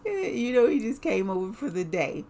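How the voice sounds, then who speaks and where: A woman casually telling a personal story in an animated way, full of "like" and laughs. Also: on the high side, moderate pace.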